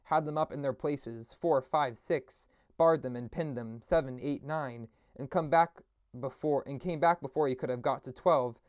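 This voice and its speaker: A man reading a classic novel aloud at a steady pace, with occasional slips and restarts. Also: mid-range voice, normal speed, dry recording, studio quality. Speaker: audiobook reader.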